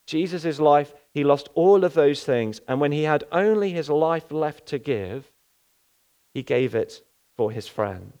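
A man's voice: fairly high pitch, animated, unhurried, dark tone, clear, resonant tone. A male pastor giving an earnest sermon, often asking rhetorical questions.

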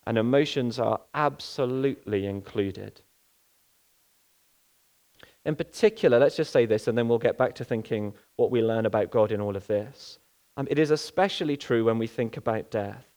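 A man delivers a sermon at a mid-range pitch. He talks earnestly and without hurry, and he slows right down to let the key phrases sink in. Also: darkish tone. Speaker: preacher.

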